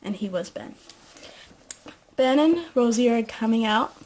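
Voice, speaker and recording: A woman's voice: on the high side, lively intonation, unhurried, a little mellow. A young woman casually recapping a TV show at home, rambling and joking with lots of fillers.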